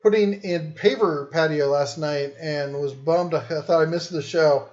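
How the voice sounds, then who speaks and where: A fairly high-voiced man hosts a relaxed livestream from his den, rambling and cracking jokes between viewer comments. The home stream audio is dull and lo-fi. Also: a little slow. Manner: joking, rambling, reads viewer comments aloud. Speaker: livestream host. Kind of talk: casual livestream chat.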